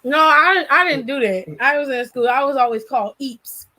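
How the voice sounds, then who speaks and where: A woman in casual chat, laughing often and making quick teasing remarks. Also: high voice, expressive, sharp tone, slight background noise, rough recording.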